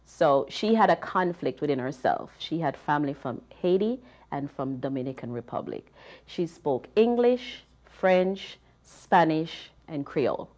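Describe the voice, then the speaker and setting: Jamaican woman, low-pitched, animated storyteller, casual panel guest. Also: unhurried. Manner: chatty, animated anecdotes with many fillers.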